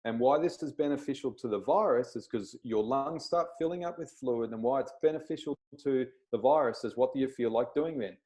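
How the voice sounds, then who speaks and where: A man's voice: mid-range voice, brisk, few pauses, warm tone, poor audio. A man, a chiropractor, giving a plain-spoken explanatory talk over a video call and checking in with his listeners.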